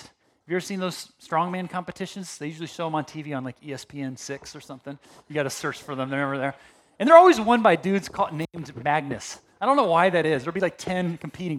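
A male pastor preaching a sermon in a conversational, animated way, with asides and restarts. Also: on the high side.

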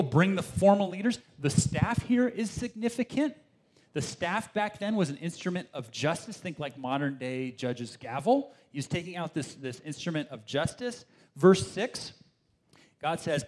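A man preaching a sermon in a relaxed, conversational way, with asides to the congregation and quoted voices. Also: a little high, moderate pace. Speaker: pastor.

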